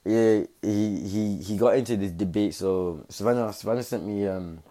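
A man's voice: fairly low pitch, normal speed, mellow. Slangy young man rambling. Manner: rambling, slangy, fillers like innit. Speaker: content creator. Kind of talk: casual commentary.

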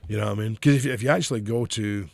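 A man's voice: on the low side, rapid-fire, creaky, a little mellow, no echo. A man with a Scottish accent, co-hosting a podcast in casual chat, rambling and swearing freely as he tells his stories. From Scotland. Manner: rambling, profane storytelling. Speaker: podcast co-host.

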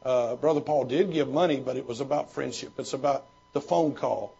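Gravelly husky pastor man, lo-fi. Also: mid-range voice, moderate pace, dark tone. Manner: folksy storytelling with frequent restarts. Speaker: pastor and former missionary. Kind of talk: question-and-answer talk. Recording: dull lo-fi recording.

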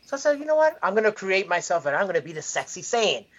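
A man, a wrestler guest, talking in a relaxed, easygoing way in a casual interview. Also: high voice, fast, lo-fi sound.

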